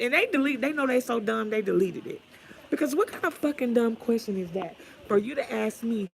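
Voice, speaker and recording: Woman vlogger with a heavily gravelly voice delivering a profane, sassy livestream rant. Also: fairly high pitch, fairly quick, a little hiss or hum, low-quality recording. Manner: blunt, sassy, trash-talking. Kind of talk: profane ranting livestream talk.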